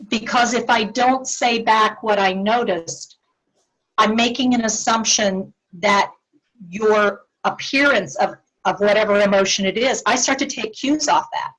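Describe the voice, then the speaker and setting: A woman's voice: medium pitch, measured pace, a bit bright, low-quality recording. Woman educator explaining dementia communication, earnest, acts out little example lines. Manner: earnest, acts out sample phrases with shifting tone. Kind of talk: presentation to a support group.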